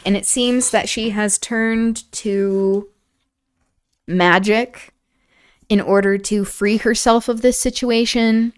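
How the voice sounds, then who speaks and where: A woman streamer reading a classic novel aloud, breaking off for relaxed, chatty asides. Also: a little high, slow, smooth. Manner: relaxed, chatty asides and laughter between passages.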